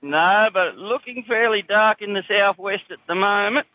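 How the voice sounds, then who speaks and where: Broad Aussie farmer on a phone line. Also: male voice, high voice, normal speed. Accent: broad rural Australian. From Australia. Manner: laconic, dry humour, says "mate" a lot. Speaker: caller. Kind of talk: casual radio phone-in chat.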